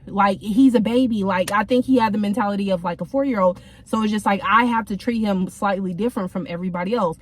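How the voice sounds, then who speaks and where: A woman's voice: mid-range voice, fast talker, few pauses, slight background noise. A young woman telling a casual storytime from her car, in a chatty, slangy way with many fillers. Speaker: vlogger.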